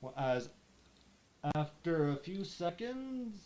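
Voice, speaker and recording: A man narrating as game master of a tabletop role-play session, often pausing and restarting his phrases. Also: high voice, very animated, darkish tone.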